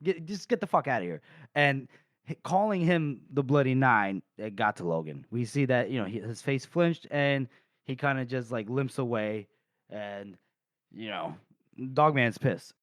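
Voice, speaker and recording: A man hosting a casual book-discussion podcast who rambles through a chapter recap, swears freely, laughs often and rushes through fast asides. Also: mid-range voice, animated, fairly bright tone, no room sound, clean studio sound. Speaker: podcast host.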